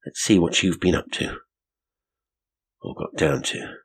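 A man reading a story voices a confident young male detective who speaks coolly and briskly, in a low husky voice. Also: full character voice.

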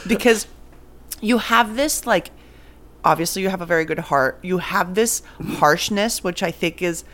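A woman's voice: fairly low pitch, moderate pace, a bit bright. A woman from Venezuela hosting a podcast, chatting and teasing her guest in a playful, casual way. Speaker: podcast host and comedian. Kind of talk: casual chat.

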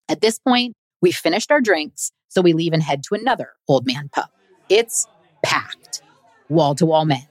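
Lively low-voiced woman storyteller. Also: moderate pace, no echo. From United States. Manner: expressive, wry storytelling. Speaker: podcast host and comedian. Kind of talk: scripted travel story narration.

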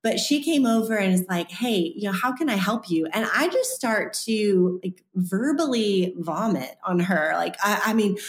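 A woman's voice: mid-range voice, moderate pace, few pauses. A woman in her thirties, an author and guest, telling a story in an interview and acting out the quoted voices. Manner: animated, acts out quoted voices. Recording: roomy echo.

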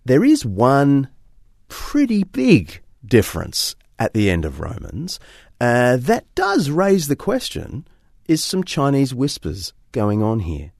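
A man with a lowish voice presents in a relaxed, animated way and leans on "you know" and "uh". The sound is dry and close, with faint music underneath. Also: dry recording. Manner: casual, animated storytelling with fillers. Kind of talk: documentary explainer.

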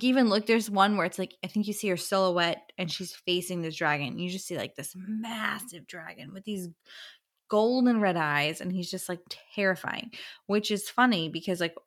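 A woman's voice: medium pitch, moderate pace. Woman, podcast co-host, book chat, enthusiastic, rambling. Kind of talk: casual book-club chat.

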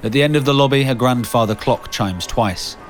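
A man hosting and narrating a podcast in a measured, scene-setting way. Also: mid-range voice, a little hiss or hum. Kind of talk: scripted narration.

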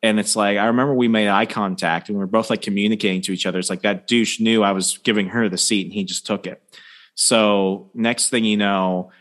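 Young man, low voice, crude joking banter, rambling anecdotes, casual podcast chat. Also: fairly even intonation, a little fast, fairly bright tone.

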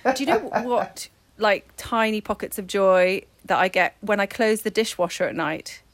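A woman co-hosting a podcast in casual chat, enthusiastic and quick to laugh. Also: medium pitch, dry recording. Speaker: podcast co-host.

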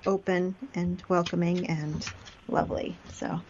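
A woman's voice: on the low side, steady tone, unhurried, a little mellow, a little hiss or hum. A woman hosting a call-in show, friendly and affirming, chatting casually with callers and guest. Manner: friendly, affirming, laughs easily. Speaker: radio show host. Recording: slightly dull lo-fi sound.

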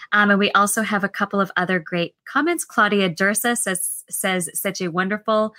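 A woman's voice: mid-range voice, moderate pace, few pauses, pushed and bright, dry recording. A woman co-host who reads out viewer comments with enthusiasm. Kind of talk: podcast hosting.

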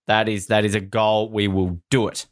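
A man co-hosting a casual podcast, chatting and telling stories, often slipping into quick voices for other people. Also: fairly low pitch. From Canada. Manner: animated storytelling, does quick voices for others. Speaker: podcast co-host.

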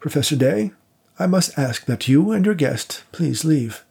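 A man voicing an elderly grieving widower, in a high, quavering, distressed voice. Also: animated, a little slow, gravelly, mellow, slightly rough, full character voice. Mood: stern.

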